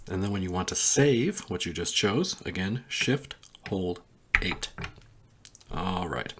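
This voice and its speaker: Male tutorial host, deep and slightly husky, casual step-by-step explaining, animated intonation. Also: noisy background. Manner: relaxed, explains step by step while pressing buttons.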